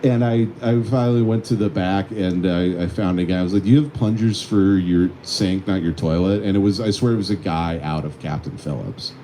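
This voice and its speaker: A man's voice: low voice, fairly quick, hardly any pauses, a little hiss or hum. A man co-hosting a casual comedic chat, telling stories with lots of acted-out quotes. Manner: animated storytelling, acts out quoted voices. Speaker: podcast co-host.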